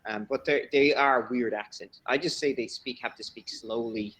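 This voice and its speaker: A man's voice: mid-range voice, normal speed, a bit bright, slightly rough. An Irish man teaching an online English class, chatting casually over a video call and laughing often. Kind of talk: casual chat during an online lesson.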